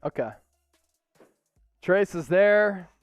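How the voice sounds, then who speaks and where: A young man hosts a casual sports live stream from a small studio, his voice sitting very high and his delivery slow and drawn out. He is rowdy and excitable, ready to shout. The sound is dry and close, with faint music in the background. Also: clean tone, no echo. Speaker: sports show host.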